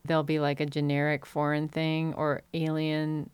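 A woman's voice: low-pitched, completely flat delivery, normal speed, clear, resonant tone, no echo. A woman co-hosting a casual pop-culture chat, talking chattily and thinking aloud with lots of fillers.

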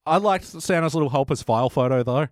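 A man's voice: on the high side, quick pace, dry recording, clean studio sound. A man hosting a casual podcast review, wry and laughing often. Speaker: podcast host.

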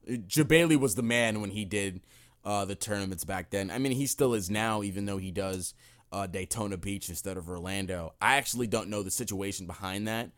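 Young man, podcast host, low voice, smooth, relaxed slangy chat. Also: fairly quick. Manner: laid-back, swears casually, slangy.

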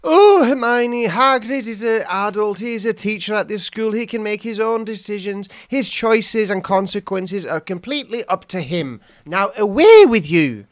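A man's voice: sits high, animated, moderate pace, few pauses, no room sound, studio quality, pitched above the performer's own voice. Stern McGonagall, as a man puts her on. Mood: stern dismissive. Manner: curt and dismissive. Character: stern older female Scottish-style professor. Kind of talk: podcast impression.

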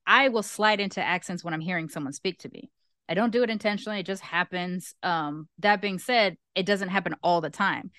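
A woman from North Long Beach, California, appears as a guest co-host on a casual podcast, giving candid, opinionated takes at length. Her voice is on the low side, a bit bright, and a little fast. The clean studio recording has no room sound.

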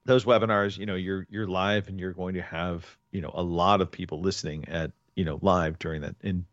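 A man with a lowish voice hosting a podcast, talking casually and rambling, circling back over his words. The sound is dry and a little dull. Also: fairly even intonation, fairly quick, no room sound. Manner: rambling, restarts often. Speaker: podcast host. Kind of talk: casual chat.

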